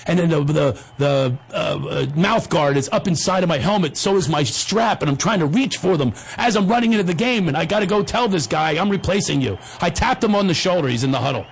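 A middle-aged man hosting a talk show, telling a comic story in an animated, jokey way. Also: on the high side, fairly quick, creaky, few pauses, breathy edge. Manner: animated, jokey storyteller who acts out the voices. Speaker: host.

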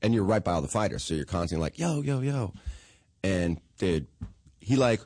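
A man co-hosting a podcast, telling stories in a fast, profane, casual way with quoted asides. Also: low voice, darkish tone, no echo, studio quality. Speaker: podcast co-host. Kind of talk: casual chat. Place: in Los Angeles.

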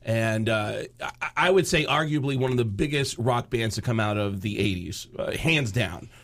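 A man, a comedian guest on a radio show, telling a story with fast, excited delivery and shouting character voices. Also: fairly low pitch. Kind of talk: animated comic storytelling on radio.

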